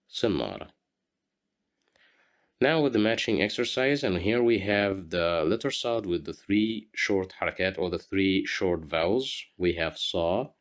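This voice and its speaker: Low-voiced man teaching a language lesson. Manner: patient, repeats words slowly for learners.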